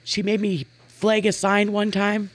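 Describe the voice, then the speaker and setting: Brief: earnest, animated woman in her forties from Montana, guest telling stories. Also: mid-range voice, a little slow, dry recording. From Montana, USA. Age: 40s. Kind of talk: casual storytelling in an interview.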